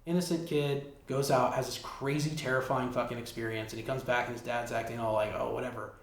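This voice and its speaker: A man's voice: medium pitch, little pitch movement, fairly quick. A man hosting a casual solo podcast, retelling a film plot in a rambling way, full of "like" and swearing. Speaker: podcast host. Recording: roomy backup recording with faint hiss.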